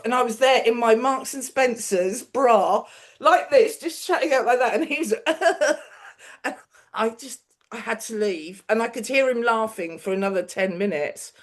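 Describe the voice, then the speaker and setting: A middle-aged woman tells stories in an animated, chatty way, often laughing. Her voice sits a little high. She acts out the people in her stories as she goes. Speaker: guest, TV producer. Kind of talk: casual chat, anecdote telling.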